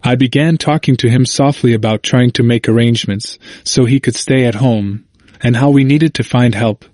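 Guy reading his memoir, calm and measured, mid-pitch voice, dry close sound. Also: no room sound. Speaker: audiobook narrator. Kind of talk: first-person memoir narration.

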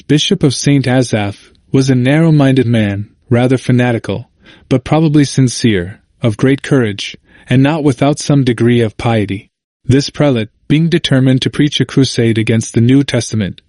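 A man narrating a history book as an audiobook in a measured, even reading. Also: medium pitch, no echo, clean studio sound.

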